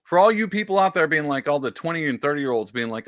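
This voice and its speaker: A sarcastic male podcast host reads posts aloud and leans hard on the words he wants to stress. His voice is bright and forceful. The sound is close and dry. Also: on the high side, lively intonation, fast, no room sound. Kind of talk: casual commentary.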